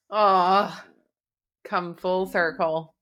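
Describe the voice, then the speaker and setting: A woman's voice: medium pitch, pushed and bright. A woman co-hosting a podcast in casual chat over a video call. She laughs easily and uses mild exclamations. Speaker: podcast co-host.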